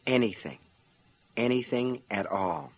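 A man voicing the quiet, pleading inner thoughts of a frail woman in pain. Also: on the low side, lively intonation, unhurried, slightly rough. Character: frail woman in pain, praying in her head.

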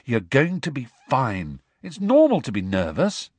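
A man's voice: medium pitch, wildly swooping pitch, measured pace, a little mellow, no echo, pitched above the performer's own voice. A man voicing a firm, encouraging teenage boy in an audiobook reading. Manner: firm, bracing.

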